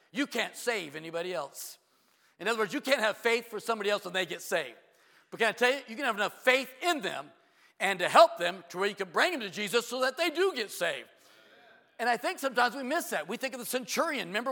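A middle-aged man preaching a sermon, firing rhetorical questions and asides, sometimes dropping to a hush. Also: very high-pitched, vocal fry. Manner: animated preaching with quick asides, rhetorical questions and hushed drops. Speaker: pastor. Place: church sanctuary. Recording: long reverb of a large hall.

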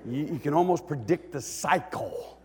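High, lively-voiced man preaching. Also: normal speed. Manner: animated and emotional, swings from hushed to shouting, joking asides. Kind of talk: sermon. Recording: echoey church hall.

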